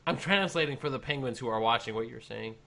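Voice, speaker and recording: A man co-hosting an improvised comedy show, tossing in deadpan comebacks. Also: medium pitch, fast, gravelly. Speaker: co-host.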